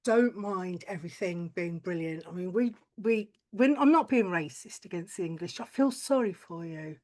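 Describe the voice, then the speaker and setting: A woman's voice: on the low side, animated, normal speed, dark tone. A woman performing a stand-up comedy set, blunt and crude, with chatty tangents and frequent swearing.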